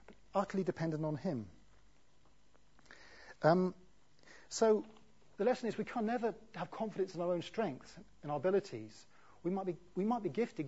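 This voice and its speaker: Husky man preaching conversationally. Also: high-pitched, dark tone. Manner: conversational, asks rhetorical tag questions. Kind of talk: sermon. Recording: dull lo-fi recording.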